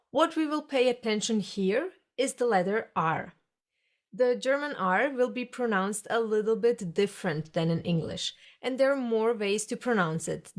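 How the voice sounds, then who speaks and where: Woman, lesson narrator, mid-pitched, patient and explanatory. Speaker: language teacher.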